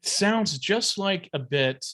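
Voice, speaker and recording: A man's voice: sits high, animated, slow pace, a bit bright. A man chatting as a podcast guest, easygoing and enthusiastic, rambling a little. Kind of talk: casual podcast chat.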